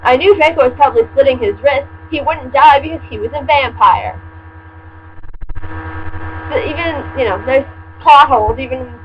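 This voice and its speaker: A woman reads a story aloud and keeps breaking off for sarcastic, deadpan commentary. Her voice sits a touch high. A steady electrical hum runs under her home recording. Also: moderate pace, pauses often, muffled recording. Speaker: fan fiction reader and commentator. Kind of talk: comedic reading with commentary.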